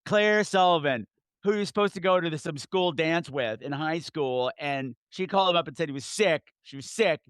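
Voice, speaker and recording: A man's voice: on the high side, fairly quick, hardly any pauses, no room sound, clean studio sound. A man on a podcast retelling film moments in a casual chat, laughing as he goes. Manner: laughing, energetic storytelling. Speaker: podcast host.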